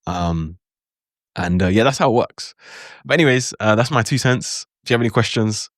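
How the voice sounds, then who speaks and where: A man's voice: lowish voice, animated, moderate pace, no echo, clean studio sound. A man talking casually to camera about learning a language, rambling with lots of fillers. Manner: loose, rambling, with many fillers.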